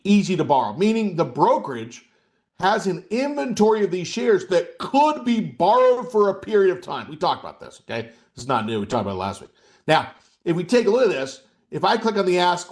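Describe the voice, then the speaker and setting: A man coaches a live trading webcast, explaining things conversationally, asking his audience questions, and often checking in with "okay?". His voice is high-pitched and darkish in tone, with big pitch swings and a fairly quick pace.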